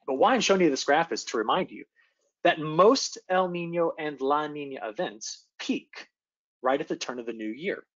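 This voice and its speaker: Animated man presenting a weather outlook. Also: a little high, highs cut off. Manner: animated, engaging, addresses audience with quick checks. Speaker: atmospheric scientist presenting a forecast. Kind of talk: virtual meeting presentation. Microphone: video call.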